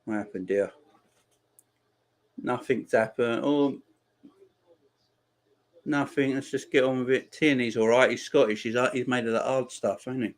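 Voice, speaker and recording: Excitable man in his forties. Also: mid-range voice, measured pace, long pauses. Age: 40s. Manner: chatty, excitable, banters with and answers live chat. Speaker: streamer. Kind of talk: live football watchalong commentary.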